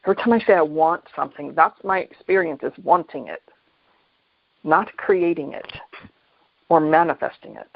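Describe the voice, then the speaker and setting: A man hosting a reflective solo talk on mindfulness, unhurried and thoughtful, often pausing and restarting his phrases. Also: fairly high pitch, animated, creaky, no room sound. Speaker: podcast host. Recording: dull lo-fi dry recording.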